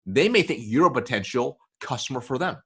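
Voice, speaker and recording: Husky man coaching on sales calls. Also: mid-range voice, animated, brisk, pushed and bright. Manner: checks in often with "okay?" and "right?". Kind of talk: explaining in an interview.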